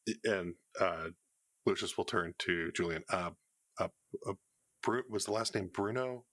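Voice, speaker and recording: A man's voice: deep voice, measured pace, fairly bright tone, dry recording. A man playing a tabletop role-playing game, speaking hesitantly with frequent fillers. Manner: hesitant, many fillers and restarts in character. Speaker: player. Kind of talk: tabletop role-play, casual chat.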